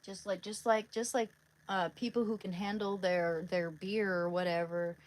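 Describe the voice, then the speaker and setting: A woman's voice: medium pitch, level tone, moderate pace. A woman hosting a casual livestream, rambling and stumbling over her words as she reads chat and talks about her day. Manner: coos baby talk at her dog, reads chat aloud. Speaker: livestream host.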